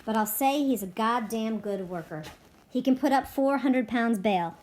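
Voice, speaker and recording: A wary, protective farmhand answers in quick, folksy, defensive bursts, voiced by a woman reading aloud. His voice sits a bit higher and louder than the reader's own. He sounds like he is guarding someone. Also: slight background noise, lightly acted. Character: wary, protective itinerant farmhand, adult man.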